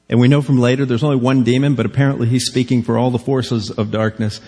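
A man's voice: mid-range voice, steady tone, fairly quick, few pauses, dark tone, slightly rough. A male pastor delivering a sermon in an earnest, conversational way, often posing rhetorical questions to the congregation. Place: church sanctuary. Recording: long reverb of a large hall.

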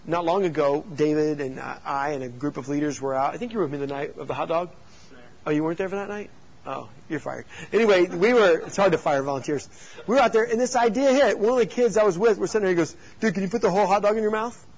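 A man, a youth pastor, teaching youth leaders through animated, joking stories and rhetorical questions. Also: fairly high pitch, breathy edge, lo-fi sound.

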